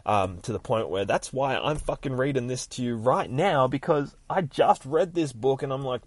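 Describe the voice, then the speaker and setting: A man hosting a podcast, retelling a comic in an excitable, heavily swearing casual way with shouted sound effects. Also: fairly low pitch, normal speed, hardly any pauses, no echo. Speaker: podcast host.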